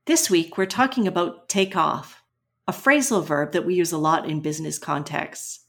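A woman co-hosting an English-learning podcast, explaining pronunciation and vocabulary clearly and patiently. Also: fairly low pitch, moderate pace. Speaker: English teacher co-host. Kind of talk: educational podcast chat.

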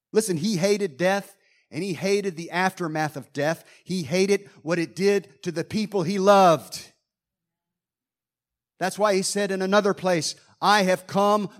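A man delivers a sermon with a somewhat high voice, reading scripture verse by verse. He explains each passage with dramatic emphasis, acting out groans and sighs and pressing hard on key phrases. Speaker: preacher.

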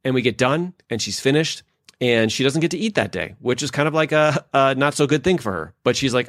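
A man's voice: medium pitch, brisk, dry recording, studio quality. A man co-hosting a podcast, telling a family story in a loose, casual way full of fillers and acting out the lines people say. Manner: animated storyteller who acts out quoted lines; loose, filler-heavy phrasing. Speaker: podcast co-host and leadership expert.

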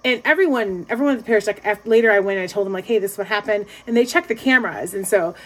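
A woman hosting a podcast conversation, telling a personal story in an animated way, acting out what people said and laughing. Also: mid-range voice, racing, low-quality recording. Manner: animated storyteller who acts out quotes and laughs. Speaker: podcast host, youth minister. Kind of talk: casual conversation.

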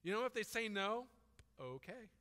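A man's voice: high-pitched, very animated, normal speed, bright, forceful tone, long reverb tail. A man preaching a sermon in a conversational, storytelling way. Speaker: pastor.

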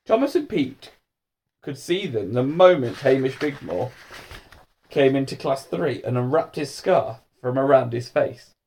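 A man reading a children's storybook aloud as narrator. His middle-pitched voice swoops up and down with animated expression as he tells the tale. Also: measured pace, vocal fry, slight background noise. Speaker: audiobook reader.

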